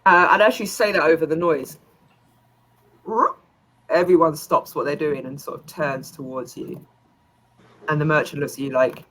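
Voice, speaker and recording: A woman's voice: low voice, steady tone, moderate pace, pauses often, fairly bright tone, poor audio. Chatty woman game master. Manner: chatty, giggly, filler-heavy narration. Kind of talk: narrating a tabletop game.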